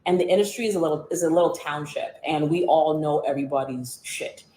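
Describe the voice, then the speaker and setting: A woman with a lowish voice tells candid stories from her media career. She talks bluntly and with sarcasm, cursing freely, and the echo of the room rings around her. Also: brisk, warm tone, a little hiss or hum. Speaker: media personality and author. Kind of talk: candid interview storytelling.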